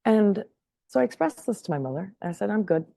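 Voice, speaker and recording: A woman guest telling a personal story in casual conversation, animated, laughing often and checking in with "right?". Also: mid-range voice, fairly quick, vocal fry, no echo. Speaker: podcast guest.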